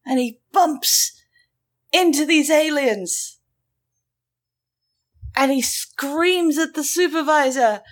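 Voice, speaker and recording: Woman host, lively sarcastic storyteller, fairly high voice. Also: slow, long pauses. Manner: animated, sarcastic, acts out quotes. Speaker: podcast host telling a story. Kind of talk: casual storytelling chat.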